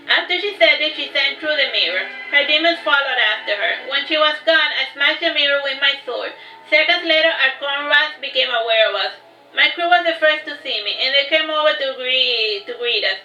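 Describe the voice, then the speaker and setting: A woman's voice: high-pitched, lively intonation, moderate pace, pushed and bright. A woman reading her own fantasy story aloud in a plain storytelling manner, with small stumbles and repeated words. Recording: distant, roomy, dull, faint music.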